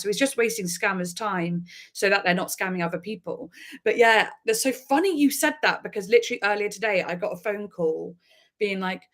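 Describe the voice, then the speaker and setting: A woman chats loosely with her live stream audience. She tells her stories in an animated, giggly way and breaks into laughter often. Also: medium pitch. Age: adult with a daughter. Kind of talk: casual live chat.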